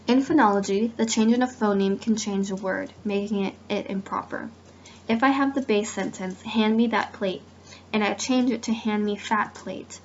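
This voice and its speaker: This dull, lo-fi clip, with slight background noise, has a woman student at medium pitch reading a class presentation about grammar. She delivers it steadily and reads the examples aloud.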